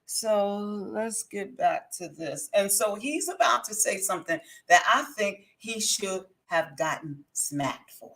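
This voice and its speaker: A woman's voice: mid-range voice, lively intonation, slow pace, hardly any pauses, a bit bright. Lady reacting to a clip, blunt opinionated casual chat, lots of restarts.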